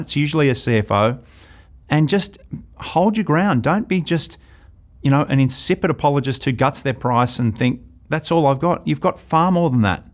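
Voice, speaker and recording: A middle-aged Australian man teaching a sales course, telling anecdotes and acting out dialogues. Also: medium pitch. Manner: lively storytelling, acts out dialogues. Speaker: sales trainer. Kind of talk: recorded course lecture.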